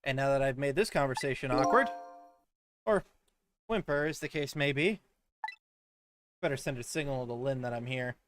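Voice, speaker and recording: A woman's voice: extremely low pitch, moderate pace, long pauses, music in the background, voice pushed down. A woman voicing a sarcastic, dry-witted male ghost in a game. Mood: sardonic.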